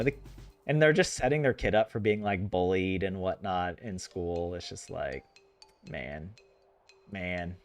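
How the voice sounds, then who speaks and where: A man's voice: low-pitched, a little slow, faint music behind. A man streaming a farming game, chatting casually with viewers in a rambling way and laughing often. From United States. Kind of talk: casual chat with live viewers.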